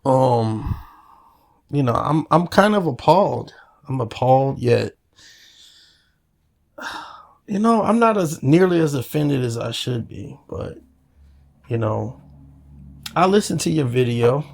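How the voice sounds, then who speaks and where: A man's voice: mid-range voice, expressive, slow, gravelly, long pauses, a little mellow. A man talking straight to the camera in a rambling, profane, casual rant, full of repeated fillers. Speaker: channel owner.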